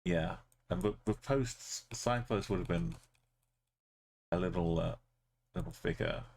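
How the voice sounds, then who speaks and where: A man streams live game commentary, thinking out loud as he plays. His voice sits low and carries a gravelly fry. He talks at a slow, easy pace, drifting into fillers and half-finished thoughts. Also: expressive. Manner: thinking aloud, musing with trailing fillers.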